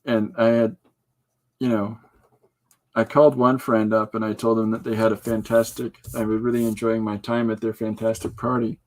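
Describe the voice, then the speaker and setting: This jokey podcast host laughs frequently and drops into impressions while chatting loosely. He has a fairly low, slightly mellow voice, a flat delivery and a moderate pace.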